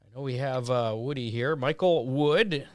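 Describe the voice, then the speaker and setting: A man hosting a racing show, leading a relaxed interview with many pauses. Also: mid-range voice, clean tone, no room sound, studio quality. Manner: relaxed, halting with fillers. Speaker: show host.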